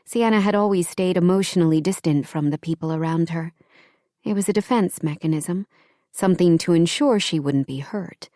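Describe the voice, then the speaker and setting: A woman reading an audiobook romance in calm, even scripted narration. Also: lowish voice, no room sound, clean studio sound.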